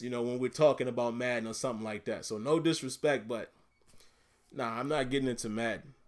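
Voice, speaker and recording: A man with a Southern US accent hosting a casual livestream, reading viewer comments aloud in a laid-back, chatty way and laughing often. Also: mid-range voice. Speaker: YouTube livestream host.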